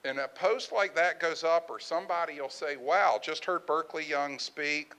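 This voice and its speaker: A middle-aged man speaking at a presentation about his research business, telling lively anecdotes and acting out what others said. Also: a little high, moderate pace, clean tone, low-quality recording. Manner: animated storyteller, acts out quoted voices. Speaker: conference speaker, research firm owner.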